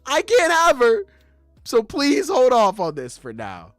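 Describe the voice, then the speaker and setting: A man voicing an aging male pirate who loudly and exasperatedly pleads with a friend. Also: extremely high pitch, huge pitch swings, unhurried, dry recording, soft background music, pitched above the performer's own voice, exaggerated voice. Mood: pleading.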